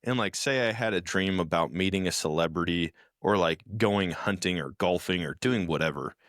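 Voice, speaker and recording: A man's voice: deep voice, normal speed, a bit bright, no room sound, studio quality. A man co-hosting a podcast, talking earnestly in casual chat with loose slang. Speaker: podcast co-host.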